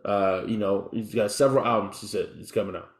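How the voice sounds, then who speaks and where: A man's voice: on the low side, fairly even intonation, a little fast. A man co-hosting a music podcast, speaking hesitantly with many stammered restarts. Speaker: podcast co-host. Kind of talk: casual chat. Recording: echoey room.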